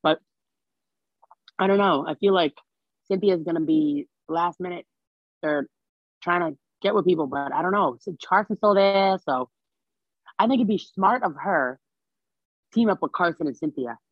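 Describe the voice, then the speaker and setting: A woman's voice: on the low side, normal speed, long pauses, no echo. A woman co-hosting a podcast, chatting casually in a laid-back, rambling way. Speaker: podcast co-host. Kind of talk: casual recap chat. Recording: slightly muffled dry mic.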